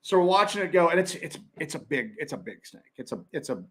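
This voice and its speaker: A man co-hosting a paranormal live stream, telling a story in an animated way with pitch that jumps when he gets excited. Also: quick pace, breathy edge. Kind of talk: casual live-stream chat.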